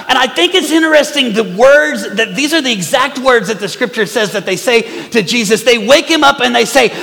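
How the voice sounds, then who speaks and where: A pastor preaches a sermon in a church sanctuary, his high, gravelly voice carrying a long hall reverb. His delivery is animated and brisk, with hardly any pauses, swinging from loud to hushed.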